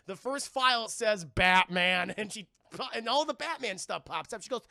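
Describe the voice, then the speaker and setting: A man hosting a casual live-stream film review, talking to his chat and swearing freely as he acts out scenes. His voice is high and bright with a gravelly edge, recorded dry and close. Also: moderate pace, no echo. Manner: animated and profane, with mocking retellings.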